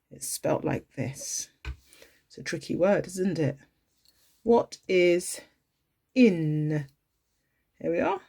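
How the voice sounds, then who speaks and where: A breathy woman teacher leads little children through a phonics lesson at a slow, careful pace. Her voice sits a little low but swoops up and down with exaggerated, playful surprise as she pretends to get things wrong. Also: a little mellow. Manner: sing-song and exaggerated, playfully feigns mistakes. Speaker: early years teacher. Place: home.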